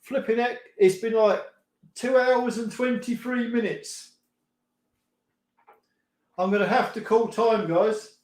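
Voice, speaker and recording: A man's voice: extremely high pitch, steady tone, takes it slowly, long pauses, darkish tone, echoey room. A middle-aged man hosting a casual live stream, rambling through viewer comments with frequent laughs and mild swearing.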